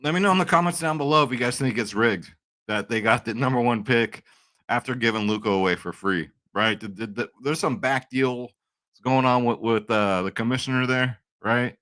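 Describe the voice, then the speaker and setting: A man in his forties hosting a sports betting vlog, rambling and excitable in casual chat to camera. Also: mid-range voice, moderate pace, no echo. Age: 40s.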